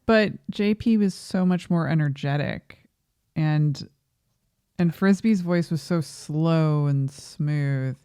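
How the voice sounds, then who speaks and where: A woman's voice: low-pitched, slow, warm tone, clean tone, no room sound, clean studio sound. A woman co-hosting a movie review podcast in casual chat, opinionated and questioning, laughing often. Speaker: podcast co-host.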